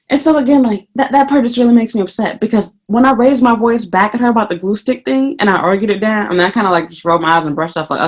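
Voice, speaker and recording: A woman who teaches English in Japan talks to the camera in a casual vlog. She curses freely and acts out her own remarks as she tells the story. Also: a little high. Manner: profane, animated storytelling.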